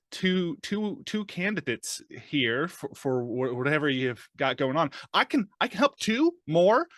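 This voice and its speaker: A man plays an earnest, frightened man strapped to a gurney, stammering and pleading in a raised, shaky voice that swings up and down. The sound is bright and close, with a dry, dead room. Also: medium pitch, dry recording, pitched above the performer's own voice.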